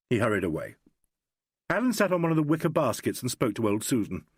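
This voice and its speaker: Man, audiobook narration, husky, expressive, dry studio sound. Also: medium pitch, fast talker, dry recording. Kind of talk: scripted narration.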